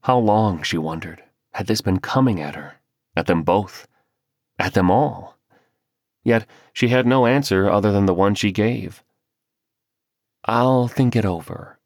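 A man narrates a novel as a scripted audiobook reading, measured and storytelling in manner. His deep, low voice is captured dry and close, without any room sound.

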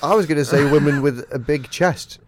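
A man's voice: on the high side, a little fast, a little hiss or hum. A man co-hosting a podcast, chatting casually, teasing his co-host and laughing often. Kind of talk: casual chat.

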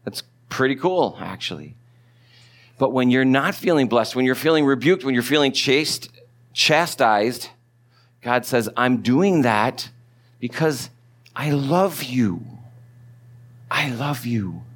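A man preaching a sermon as pastor, talking in a relaxed conversational way and putting questions to his listeners. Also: mid-range voice, measured pace. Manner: conversational, asks the congregation questions.

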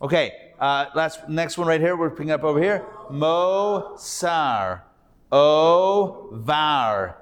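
A man's voice: fairly high pitch, steady tone, fairly quick, few pauses. A male rabbi teaching a live Hebrew reading class, patiently sounding out syllables and repeating them. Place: class recorded live in a room.

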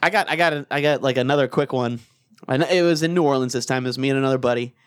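Casting note: young adult man, casual storyteller, laughs a lot, voices the people in his stories, mid-range pitch. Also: very fast. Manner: animated, laughs often, acts out quotes. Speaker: storyteller guest. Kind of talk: casual chat, telling funny drinking stories.

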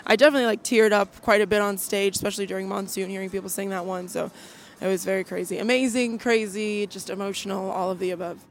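A woman's voice: mid-range voice, fairly even intonation, fast talker, slight background noise. Chatty young woman singer guest. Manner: chatty, full of fillers and restarts. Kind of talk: casual chat.

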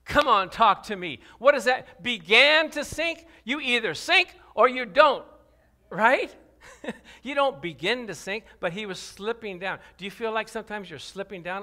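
A man preaching a sermon. He talks animatedly, drops his voice low for scripture, rises to loud cries, and calls out questions to the congregation. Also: animated, moderate pace. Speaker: pastor.

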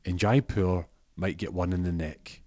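A man's voice: sits low, fairly even intonation, unhurried, mellow. A man doing a swaggering crook. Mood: menacing. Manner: threatening, cocky. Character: menacing small-town crook man, swaggering and cruel.

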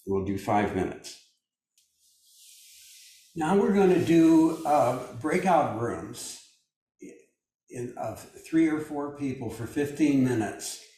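A man's voice: mid-range voice, animated, takes it slowly, pauses often, mellow. An older man leading a meditation group over a video call, talking in a loose, musing way with many fillers. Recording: very echoey room, distant mic.

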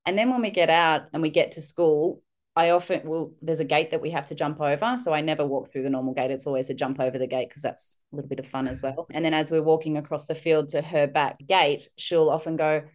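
Brief: woman, low voice, animated storyteller on a remote interview. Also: fast. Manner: animated, acts out quotes in high voices. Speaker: guest, parenting instructor.

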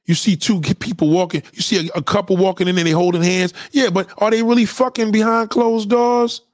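A man's voice: high-pitched, fairly even intonation, a little fast, no echo, clean studio sound. A man ranting to viewers in a profane, preachy and conspiratorial way, repeating himself for emphasis. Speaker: vlogger giving opinions. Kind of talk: profane rant to camera.

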